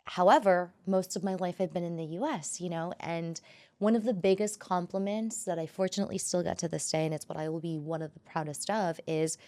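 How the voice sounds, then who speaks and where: Expressive Colombian-born woman mixing English and Spanish. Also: fairly low pitch, a little fast. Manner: warm, expressive, switches between English and Spanish. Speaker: podcast guest. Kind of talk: casual podcast conversation.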